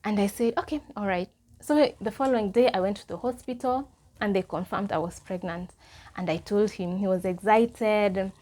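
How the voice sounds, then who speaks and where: A young woman with a Kenyan accent tells a personal story straight to her viewers. Her delivery is animated and chatty, and she drops Swahili phrases into her English. Her pitch sits in a middle range. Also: normal speed. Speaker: vlogger. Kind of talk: casual storytime.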